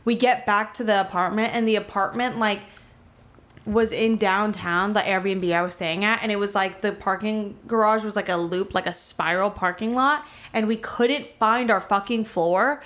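A woman's voice: mid-range voice, moderate pace, a bit bright. A young woman from Miami telling a story in casual chat, rambling, swearing freely and filling her talk with "like".

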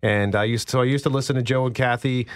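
A man's voice: mid-range voice, fairly even intonation, fast talker. Upbeat young man, radio host. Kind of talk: casual radio chat. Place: radio studio.

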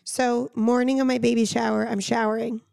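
A woman with a hoarse, raspy voice that crackles with gravel as she chats as a podcast co-host. She sits a bit higher than most women and sounds dry and close, with no room around her. She talks casually, swearing and spinning stories. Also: level tone, a little fast, darkish tone, no echo. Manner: casual, swears freely, storytelling. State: hoarse, lost voice. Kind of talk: casual chat.

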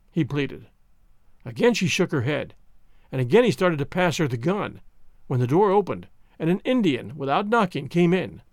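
A man narrating a novel as an expressive, dramatic audiobook reading. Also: sits high, dry recording, clean studio sound.

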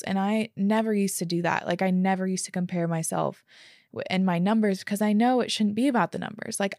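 A woman's voice: mid-range voice, a little mellow, no echo, clean studio sound. A young woman YouTuber telling a personal story in casual, confessional talk, with candid asides and lots of filler words. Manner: candid, chatty, full of fillers like "like".

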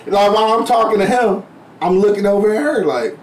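A man casually telling a story on a podcast, profane and animated, acting out what people said. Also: high-pitched, a little fast, far from the mic, a crowd in the background. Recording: roomy echo, a bit off-mic.

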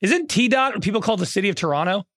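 A man's voice: high-pitched, expressive, quick pace, fairly bright tone, no room sound, clean studio sound. A man co-hosting a casual sports podcast, wry and self-deprecating about his own picks. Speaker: podcast co-host.

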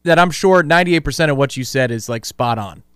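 A man's voice: medium pitch, lively intonation, brisk, a bit bright, smooth, dry recording, clean studio sound. A man co-hosting sports radio, wry and prodding, summing up his partner's points. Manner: wry, prodding questions, sums up the other's point. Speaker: radio co-host.

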